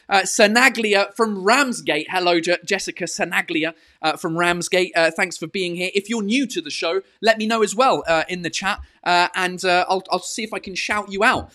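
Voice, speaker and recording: A man's voice: high-pitched, pushed and bright. A man, a comedian, hosting his live-streamed podcast in casual chat, swearing freely, dropping into French, with plenty of filler sounds. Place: home in lockdown. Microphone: podcast microphone.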